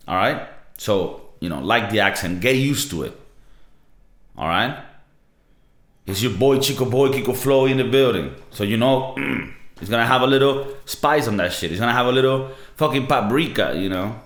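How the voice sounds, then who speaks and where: A man's voice: lowish voice, moderate pace, a bit bright. A man in his thirties hosting a casual solo podcast, talking in a laid-back, profane, rambling way. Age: 30s. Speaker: podcast host. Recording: roomy echo.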